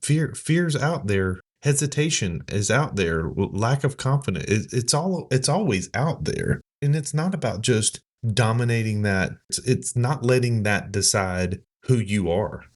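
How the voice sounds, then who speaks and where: A man's voice: mid-range voice, expressive, a little slow, hardly any pauses. A man co-hosting a podcast in casual conversation, talking in an earnest, encouraging way with many "like"s and "I mean"s. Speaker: podcast co-host.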